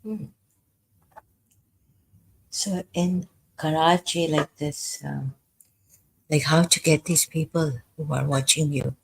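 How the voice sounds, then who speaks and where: A speaker talks slowly in a personal confessional monologue, breaking off and restarting again and again. The voice is husky and a little breathy, with an unsettled, frightened edge. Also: mid-range voice, fairly even intonation, poor audio. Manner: halting, hesitant, many pauses and false starts. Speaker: vlogger.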